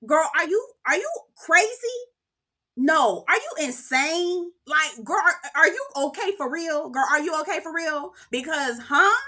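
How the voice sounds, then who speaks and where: Sassy lady doing a reality tv recap vlog, highish bright voice, talks right to the camera like she's chatting with her girls. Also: a little slow. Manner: sassy and animated, keeps calling the viewer "girl"; talks straight to the viewers, asking what they think. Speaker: host of a reality TV review channel.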